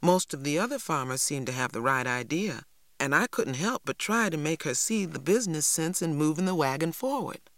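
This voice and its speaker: A woman reading a story aloud in first person, measured and unhurried. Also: low voice, expressive, no echo, clean studio sound. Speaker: audiobook narrator. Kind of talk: scripted first-person narration.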